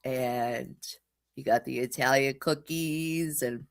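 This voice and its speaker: A woman with a New England accent co-hosting a casual talk show. She is lively and blunt, and she talks in an excitable way. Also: very deep voice, slow pace. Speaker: co-host.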